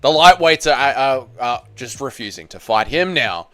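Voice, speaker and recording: Aussie guy on a live stream reading chat, crude jokey banter, smooth clear voice, dry close sound. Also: mid-range voice, expressive, normal speed, pushed and bright, no echo, soft background music. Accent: Australian. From Australia. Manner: reads viewer chat aloud, crude banter. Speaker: channel host.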